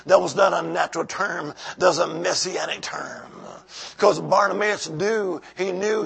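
A man's voice: high voice, gravelly, sharp tone, slightly rough. A man preacher delivering a sermon, rhythmic and repetitive, calling out to the congregation. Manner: rhythmic, repeating phrases, calls to the congregation.

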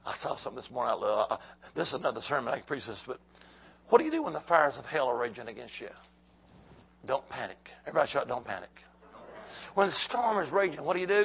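A man preaching a sermon, calling out to the church, swinging from hushed lines to loud shouts. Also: fairly high pitch, expressive, brisk, husky.

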